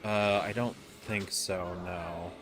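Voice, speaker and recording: A man's voice: deep voice, fairly even intonation, takes it slowly. A man chatting casually while guiding a friend through a co-op game, patiently explaining mechanics step by step. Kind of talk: casual gameplay chat.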